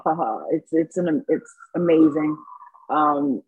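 A woman guest answering interview questions, halting and searching for words, heard over a phone line. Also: deep voice, wildly swooping pitch, vocal fry, slightly rough. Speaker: interview guest, basketball coach. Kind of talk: casual interview talk. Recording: tinny phone line with faint noise.

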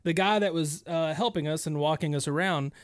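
A talk radio co-host telling stories with an animated delivery and frequent laughs. His voice is somewhat high for a man. The studio sound is dry and close. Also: a little fast, clean tone, no room sound. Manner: animated storyteller, laughs often. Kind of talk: casual talk radio storytelling.

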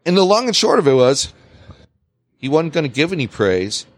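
A man hosting a podcast, telling a work story in casual chat, swearing freely. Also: moderate pace. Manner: animated, swings pitch widely, swears freely. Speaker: podcast host.

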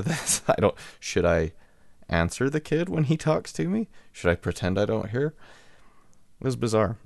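A man's voice: lowish voice, gravelly, no echo, studio quality. A man hosting a show, casually telling a rambling story about his neighbors, restarting sentences and chuckling as he goes. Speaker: radio show host.

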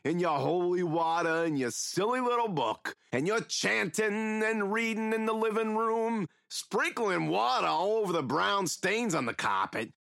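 An actor playing a rambling, mocking killer who taunts a captive priest in an audio drama. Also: male voice, high voice, creaky, fairly bright tone, no echo, studio quality, exaggerated voice.

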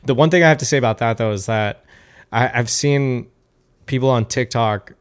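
A man's voice: mid-range voice, normal speed, clean tone. A man as a podcast guest, chatting casually and thoughtfully, with many restarts and fillers.

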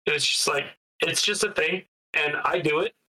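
A man's voice: fairly high pitch, normal speed, sharp tone, poor audio. A man co-hosting a podcast in casual chat, easygoing and wry, often acting out voices of people in his anecdotes. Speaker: podcast co-host.

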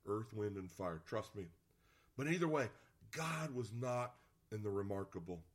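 A man's voice: lowish voice, lively intonation, moderate pace. A man preaching a sermon as pastor, reading scripture aloud and talking to the congregation in a conversational, playful way.

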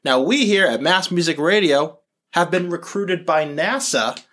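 A man hosting a casual radio chat show, playful and quick to jump between topics. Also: a little high, fairly bright tone.

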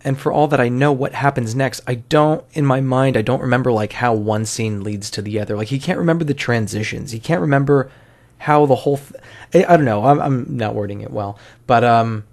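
A man with a gravelly, creaky voice at a middling pitch talks through an old film as it plays. He rambles, restarts his sentences and swears offhand in a loose commentary. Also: brisk, a little mellow. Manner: rambling, self-correcting, swears casually. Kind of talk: casual watch-along movie commentary.

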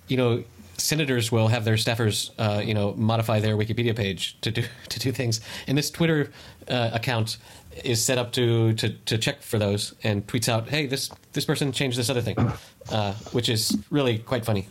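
A man's voice: mid-range voice, normal speed. A man co-hosting a podcast in casual chat, explaining things at length and often restarting his sentences. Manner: rambling, self-correcting, explains at length. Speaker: podcast co-host.

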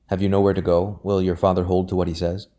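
A man doing a fretful young gentleman. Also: low voice, flat delivery, fast, lightly acted. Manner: fretful, complaining.

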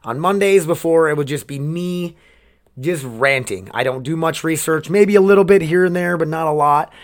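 On his solo podcast, a twenty-something man speaks at a moderate pace in a voice on the high side. The talk is a casual, rambling rant peppered with swearing and restarted sentences, and he comes across as emotionally drained.

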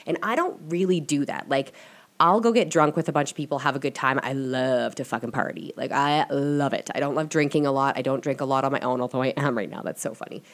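Young woman, podcast host, low voice, candid rambling chat, swears a lot. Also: a little fast. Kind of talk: casual solo podcast chat. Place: at home at her computer and mic.

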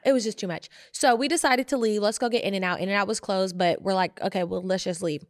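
A woman's voice: medium pitch, fairly quick, no room sound, studio quality. A woman co-hosting a podcast, telling a story in casual chat, acting out what people said and laughing often. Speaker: podcast co-host.

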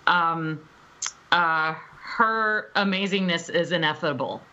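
A woman's voice: on the low side, slow pace, sharp tone. Bubbly laughing woman on dull audio. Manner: bubbly, laughs often, rambling anecdotes. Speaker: voice director and game developer. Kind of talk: casual podcast chat.

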